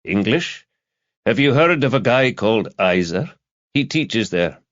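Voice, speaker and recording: A man's voice: lively intonation, unhurried, a bit bright, dry recording. A man doing a sardonic weary detective. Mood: needling. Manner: dry, mocking, low-key. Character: world-weary middle-aged male detective, sardonic and needling. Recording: dull, dry lo-fi audio.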